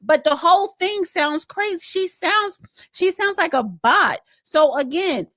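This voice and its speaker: A woman's voice: extremely high pitch, expressive, unhurried, bright, forceful tone, no room sound, studio quality. A woman co-hosting a talk show, emphatic and scolding, often cutting in. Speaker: co-host. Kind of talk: casual chat.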